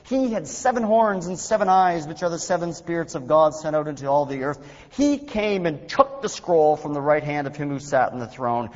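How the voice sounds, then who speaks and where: A man preaching a sermon, swinging between dramatic rises and hushed, quiet drops. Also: on the high side, moderate pace, hardly any pauses. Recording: dull lo-fi recording with long hall reverb.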